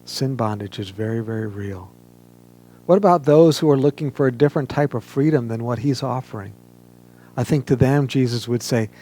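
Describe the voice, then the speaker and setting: Gravelly-voiced male pastor preaching. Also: medium pitch, warm tone, a little hiss or hum. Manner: earnest, measured preaching with emphatic pauses. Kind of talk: sermon. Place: church, streamed online service.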